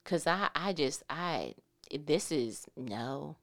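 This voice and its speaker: A young woman gives an animated faith talk to her viewers, her voice sitting a little low for a woman. She swings between hushed, near-whispered asides and sudden loud exclamations. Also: takes it slowly. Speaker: faith vlogger. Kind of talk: devotional pep talk.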